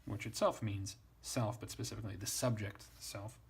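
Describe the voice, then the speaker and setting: A man's voice: fairly low pitch, steady tone, moderate pace, breathy edge. A man teaching Latin translation in a casual, thinking-aloud way, wry and self-deprecating.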